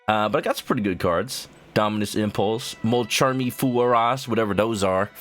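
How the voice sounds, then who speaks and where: A young man streaming a game, chatting casually in a goofy, rambling way with sudden high silly yells. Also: moderate pace, hardly any pauses. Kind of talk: casual gameplay commentary. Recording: game music under the voice.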